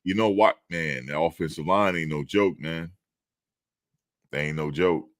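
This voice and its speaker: A man hosting a casual commentary on practice footage, excitable and laughing, repeating his phrases. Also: rumbling low, a little slow, very noisy. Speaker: host reacting to practice footage.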